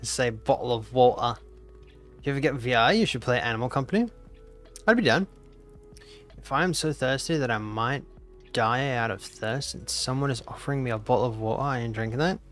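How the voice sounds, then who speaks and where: A nineteen-year-old VTuber streamer with a mid-range, slightly bright voice chats briskly and playfully during a live gaming stream. He teases his chat and repeats phrases in mock outrage, with faint music behind him.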